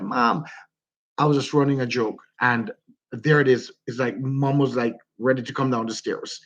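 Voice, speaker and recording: Heartfelt Jamaican man chatting on a livestream. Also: medium pitch. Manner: heartfelt, greets chat viewers by name. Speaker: livestream host. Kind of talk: casual livestream chat.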